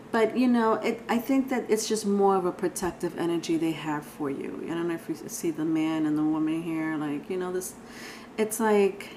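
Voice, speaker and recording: A woman's voice: fairly low pitch, dark tone, a little hiss or hum, rough recording. A woman giving a casual, rambling tarot reading, talking straight to viewers with sighs and laughs. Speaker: tarot reader.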